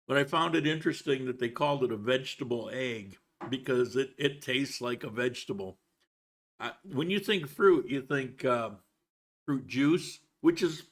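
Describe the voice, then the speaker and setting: A man hosting a relaxed live chat stream from home, talking in a loose, rambling way. He wanders between thoughts and restarts his sentences, sometimes talking with his mouth full. His voice sits at an ordinary middle pitch. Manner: rambling, chatty, with frequent restarts; talks while eating. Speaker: livestream host. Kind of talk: casual livestream chat. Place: home in Colombia.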